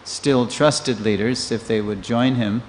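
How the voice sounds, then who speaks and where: An older man lectures in a temple hall, his voice carrying a long reverb over a faint hiss. He is a lively storyteller who slips into the voices of the people he quotes, with an ordinary mid-pitched tone. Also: takes it slowly. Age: 60s. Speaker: lecturer giving a scripture class. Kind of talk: storytelling scripture class.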